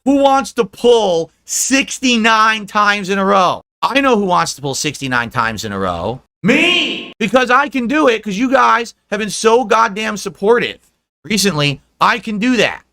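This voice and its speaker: An excitable man streaming a video game and talking to his viewers as "you guys". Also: high-pitched, a little slow, no room sound. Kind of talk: live-stream chatter.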